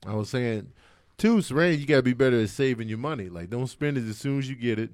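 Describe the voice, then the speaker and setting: Co-host, forties; lively pitch, dry close mic. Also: male voice, fast talker, no echo. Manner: laid-back, animated storytelling with voiced quotes. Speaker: podcast co-host, father. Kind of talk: casual chat.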